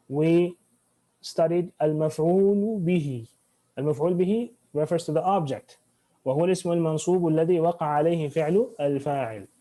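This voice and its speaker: A man's voice: on the high side, mellow. A man teaching Arabic grammar in an online class, switching between English and Arabic, restarting phrases and quizzing his students.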